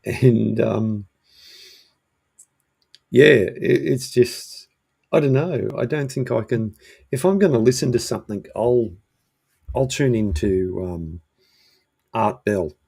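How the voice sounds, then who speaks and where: A man's voice: medium pitch, slow, gravelly, long pauses, mellow, breathy edge. A man hosting a casual live-stream chat from his shed, hesitant and full of ums and restarts. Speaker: host. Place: home shed.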